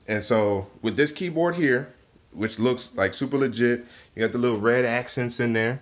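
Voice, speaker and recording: A young man gives a casual product walkthrough in a laid-back vlog, tossing in slangy, self-deprecating asides. He records in a cluttered room at home, speaking in a mid-range voice at a moderate pace.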